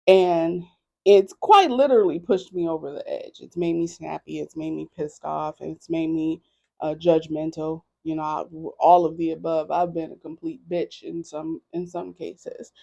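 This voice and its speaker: A woman tarot reader speaking slowly and candidly in a reflective personal monologue, often checking in with "right?". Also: sits low, steady tone, gravelly, a little mellow, muffled recording. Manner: slow, candid, conversational with frequent "right?".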